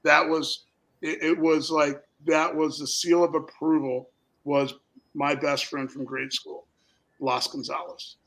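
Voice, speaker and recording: This is a middle-aged spirits company founder from Minnesota, USA, rambling through stories on a talk show and performing the quoted voices of their characters. Poor audio captures his fairly high, fairly bright voice, level in tone and slow in pace.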